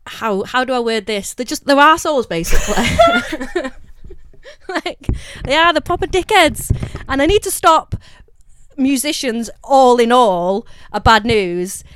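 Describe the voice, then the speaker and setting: A woman's voice: high voice, sing-song, a little slow, fairly bright tone, slight background noise. A woman radio co-host and DJ, talking bluntly and jokingly in casual chat.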